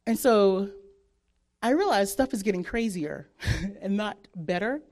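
A woman from the States, giving a personal testimony in a chatty, animated way and acting out what people said. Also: mid-range voice, measured pace. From southern United States. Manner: animated, chatty, acts out quotes, laughs often.

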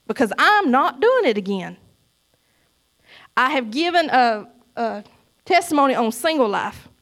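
A middle-aged woman giving a church testimony, emphatic and preachy, swinging between loud cries and soft asides. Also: high-pitched, very animated, unhurried.

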